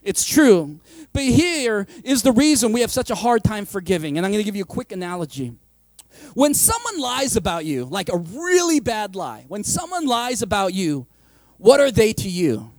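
A man's voice: high-pitched, sing-song, moderate pace, a little mellow, no echo. A man preaching a sermon as pastor, casual and joking, acting out the voices of his listeners.

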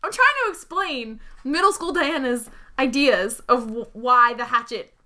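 A woman in her thirties playing in a tabletop game, animated and joking as she argues her case. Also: fairly high pitch, unhurried. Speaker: player. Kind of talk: casual tabletop role-play.

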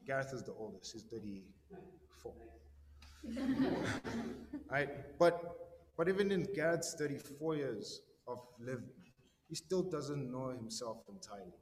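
A young man preaching in a relaxed, conversational way, often restarting his thoughts and checking in with the room. His voice rings out with a long echo in a big hall, with faint noise behind him. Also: mid-range voice. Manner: conversational, frequent restarts, keeps checking in with listeners. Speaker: pastor teaching a Bible study. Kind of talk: casual sermon. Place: large hall in front of a live group.

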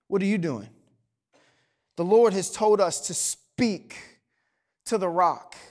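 A pastor preaches an impassioned sermon, swinging between hushed and loud passages and putting rhetorical questions to the congregation. His voice sits high and sounds animated, yet he speaks slowly.

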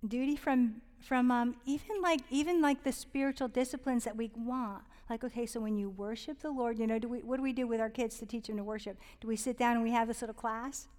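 A woman with a fairly high voice speaks earnestly and warmly about raising children in faith, rambling with fillers and restarts. She now and then sinks to a soft whisper, and her voice trails into a long hall reverb. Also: fairly even intonation, brisk, hardly any pauses. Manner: earnest and heartfelt, drops to a whisper on tender points. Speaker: Christian parenting speaker. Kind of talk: casual devotional talk on parenting.

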